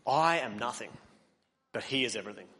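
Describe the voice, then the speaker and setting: A man preaching a sermon, earnest, building to emphatic peaks and then dropping quiet. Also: medium pitch, expressive, brisk, in a large hall. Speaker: pastor.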